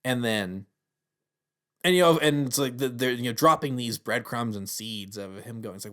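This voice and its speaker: A man talks through a TV series in a loose, rambling review. His voice sits at an ordinary middle pitch. He sounds earnest and conversational. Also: a little fast, a bit bright. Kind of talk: casual spoken review.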